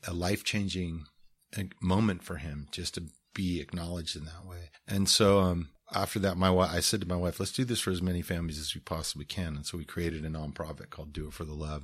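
A man's voice: low voice, a bit bright, slightly rough. A middle-aged man, a musician talking about his film, telling stories in an earnest, rambling way with many restarts. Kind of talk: conversational storytelling.

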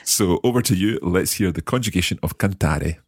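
Deep husky man, patient teacher. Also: dry recording, studio quality. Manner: patient, encouraging, slow careful pronunciation. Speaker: language teacher and podcast host. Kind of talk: guiding a language lesson.

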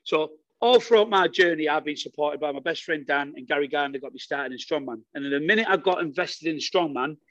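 A man talking as a podcast guest in an energetic, blunt and sweary way. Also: on the high side, brisk, hardly any pauses, dry recording, dull audio. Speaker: guest strongman athlete. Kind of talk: casual podcast chat.

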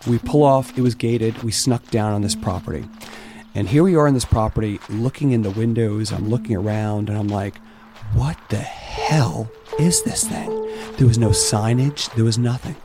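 A man's voice: lowish voice, brisk, faint music behind. Frank middle-aged man telling his story. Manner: candid, animated, swears freely. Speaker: interview guest, distillery owner. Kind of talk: casual storytelling interview.

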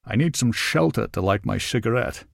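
Male narrator putting on a blunt older man, low and hushed, clipped and dry, no-nonsense. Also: lively intonation, normal speed, gravelly, no echo. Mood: gruff, curt. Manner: curt, dry, few words. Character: tall balding older man, blunt and gruff.

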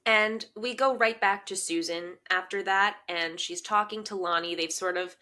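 A young woman co-hosting a casual recap chat, eager and agreeable, quick to chime in. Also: medium pitch, bright, forceful tone. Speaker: podcast co-host.

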